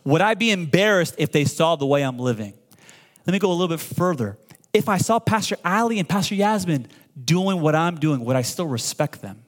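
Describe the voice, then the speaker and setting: A man in his forties preaching a sermon, animated and full of call-and-response, often stammering and repeating words when excited. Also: on the high side, brisk. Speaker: pastor.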